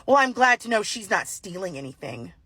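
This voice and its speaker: A woman's voice: medium pitch, big pitch swings, fairly quick, pushed and bright, breathy edge, full character voice. Woman doing a nosy, pushy shopper. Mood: prying. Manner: prying, indignant.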